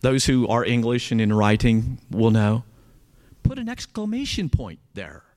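A man's voice: medium pitch, big pitch swings, a little slow, a little mellow. A man teaching a Bible study in a conversational, earnest way, often checking in with his listeners.

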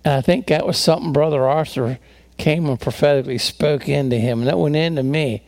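A man's voice: on the high side, a little fast, darkish tone, no echo. A man preaching a sermon as a pastor, telling stories earnestly, often restarting and repeating words.

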